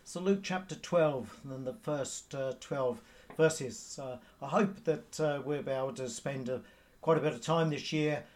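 A man preaching a sermon in a measured, halting way, with frequent pauses and fillers. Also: medium pitch, a little mellow.

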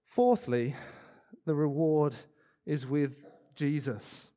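A man preaching a sermon, earnest, slowing down to stress key words and adding light asides. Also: fairly high pitch, warm tone.

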